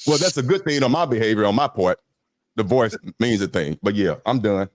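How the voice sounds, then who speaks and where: A man's voice: lowish voice, lively intonation, a little fast, no room sound, studio quality. A man hosting a podcast panel, talking emphatically and firing off rhetorical questions. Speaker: podcast host. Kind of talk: casual panel talk.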